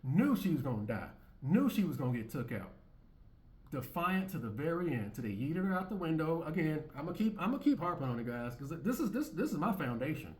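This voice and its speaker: A man's voice: a little high, very animated, brisk. Blunt, profane man ranting to camera. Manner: blunt, repetitive, stammering restarts, profane. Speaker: commentary channel host. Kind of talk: opinionated monologue over clips.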